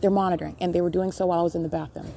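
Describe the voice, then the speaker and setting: A woman's voice: lowish voice, level tone, very fast, vocal fry, mellow, slight background noise. A woman recording herself in a public library, talking in an accusing, insistent way and repeating her points. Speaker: podcast host recording her own encounters. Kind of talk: live self-recorded commentary.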